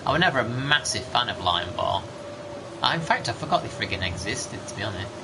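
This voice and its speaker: A man's voice: on the low side, expressive, brisk, gravelly. A man, rambling chattily through gameplay commentary with casual mild swearing. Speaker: gaming streamer. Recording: background noise.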